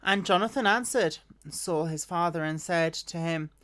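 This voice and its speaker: A woman's voice: fairly low pitch, normal speed, a bit bright. A woman reading a Bible passage aloud in an unpolished way, often restarting and correcting herself. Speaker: scripture reader.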